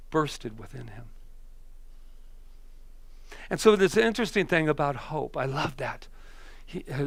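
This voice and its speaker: A male minister giving a conversational sermon, telling stories that swing from emphatic to hushed. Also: medium pitch, dry recording.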